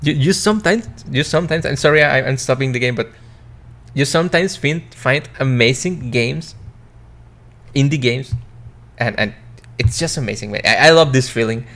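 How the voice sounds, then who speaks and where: A man giving casual let's-play commentary at a middling pitch. His asides are excited and exclamatory as he reacts to the game. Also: normal speed. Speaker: game streamer.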